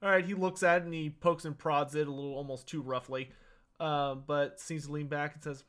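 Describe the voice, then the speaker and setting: A man runs a tabletop game as game master, narrating in a loose, rambling way. His voice sits a little high for a man. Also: steady tone, a little fast, a bit bright.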